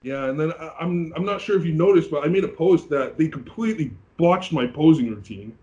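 A bodybuilding competitor from Canada in a casual interview, telling his story with animated acted-out quotes. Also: on the high side, fairly quick, dull audio.

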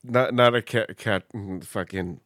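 A man's voice: lowish voice, measured pace, a bit bright, dry recording, clean studio sound. A man co-hosting a podcast in loose, joking, swear-filled casual chat. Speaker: podcast co-host.

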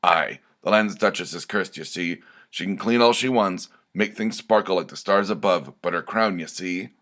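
A man doing a gruff little forest troll, deep voice, storybook reading. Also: normal speed, a bit bright.

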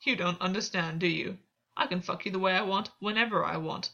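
A woman's voice: lowish voice, brisk, vocal fry, pushed and bright, highs cut off, heavily acted. Woman reading as a cruel domineering king. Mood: contemptuous. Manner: menacing, coldly possessive. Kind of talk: audiobook dialogue reading.

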